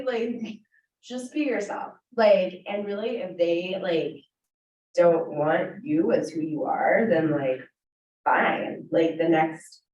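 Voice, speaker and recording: A woman's voice: on the low side, darkish tone. Chatty woman with a cold, far off. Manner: casual, chatty, laughing, many fillers. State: has a cold. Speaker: panelist. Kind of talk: panel talk at a career event. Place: university event room. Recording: distant, echoey, dull room recording.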